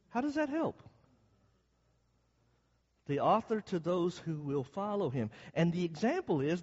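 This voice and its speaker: A man's voice: high-pitched, a little mellow, long reverb tail, highs cut off. A man preaching a Bible class, explaining the text and asking his listeners questions as he goes. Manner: asks the audience questions as he explains.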